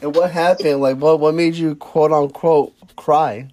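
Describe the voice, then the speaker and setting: A man's voice: a little high, a little slow. Laid-back male interviewer. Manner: relaxed, many "you know" fillers, swears casually. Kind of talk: casual interview.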